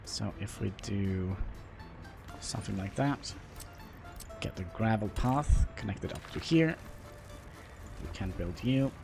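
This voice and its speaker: A man from Norway with a Norwegian accent, chatting with viewers while playing a game, halting and self-deprecating. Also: on the low side, animated, gravelly. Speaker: livestreamer. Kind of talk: casual gameplay livestream commentary. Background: faint background music.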